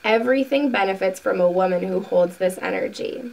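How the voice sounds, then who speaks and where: A woman hosting a spiritual video, reading a book passage aloud slowly and earnestly, then talking casually to her viewers. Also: mid-range voice, creaky, distant mic, rough recording. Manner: slow, soft, earnest reading with asides.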